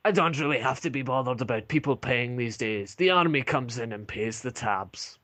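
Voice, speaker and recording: A man voicing a big, red-bearded male dwarf barkeep in an online tabletop game, with a slow, gruff drawl. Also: medium pitch, a bit bright, no room sound, natural voice. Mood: chatty.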